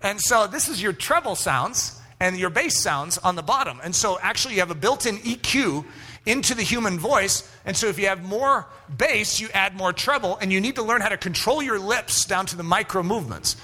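A man telling a personal story in a sermon, animated and acting out both sides of remembered conversations. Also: sits high, moderate pace.

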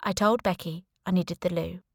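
A woman's voice: on the low side, steady tone, moderate pace, gravelly, no room sound, clean studio sound. A woman reading a first-person audiobook in a wry, conversational storytelling manner. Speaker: audiobook narrator.

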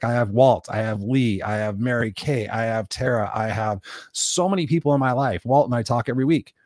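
Blunt, fast-talking male podcast coach. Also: mid-range voice, darkish tone, no echo, studio quality. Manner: blunt, emphatic, swears freely, repeats phrases for stress. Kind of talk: unscripted solo podcast monologue.

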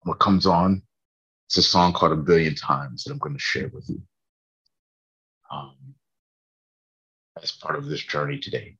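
A man's voice: extremely low pitch, a little slow, pauses often, bright, forceful tone, breathy edge, muffled recording. A tired man in a casual faith vlog, earnestly rambling about his morning prayer from his bedroom. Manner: earnest, rambling, laughs at himself.

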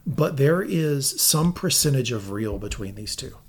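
A man co-hosting a podcast, recapping an episode in an animated, profane way and quoting lines of dialogue. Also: mid-range voice, measured pace, breathy edge. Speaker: podcast co-host.

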